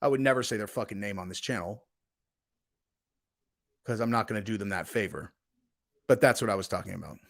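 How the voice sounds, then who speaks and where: A man's voice: lowish voice, brisk, gravelly, pauses often. A young man hosting his own vlog, telling a rambling, heated, profane story with lots of fillers. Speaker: channel host. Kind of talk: ranting casual vlog.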